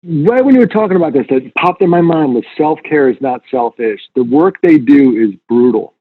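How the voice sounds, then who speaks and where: A man with a slightly husky voice talks earnestly as an interview guest, repeating key points for emphasis. His voice comes through a thin, phone-like line. The sound is close and dry. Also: on the high side, normal speed, no room sound. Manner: earnest, animated storyteller, emphatic repetition. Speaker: guest speaker. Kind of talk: conversational interview.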